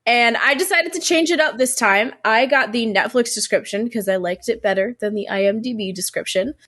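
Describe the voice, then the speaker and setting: A woman's voice: on the high side, a little fast, fairly bright tone. A woman co-hosting a casual podcast, talking with a head cold, chatty and laughing often. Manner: chatty, laughs often, self-deprecating asides. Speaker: podcast co-host.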